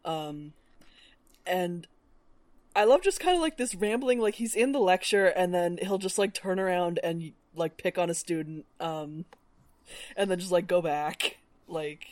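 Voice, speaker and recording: A woman's voice: on the low side, unhurried, a little mellow, no room sound. A young woman co-hosting a podcast, chatting casually about a book and rambling with lots of ums and likes. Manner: rambling, many fillers. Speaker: podcast co-host. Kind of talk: casual book-club chat.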